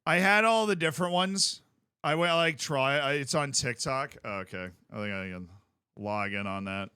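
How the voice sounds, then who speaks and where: Casting note man, streamer, crisp bright voice, chatty and rambling, dry close sound. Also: mid-range voice, moderate pace, no echo. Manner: rambling, chatty, with frequent restarts. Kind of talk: casual livestream chat.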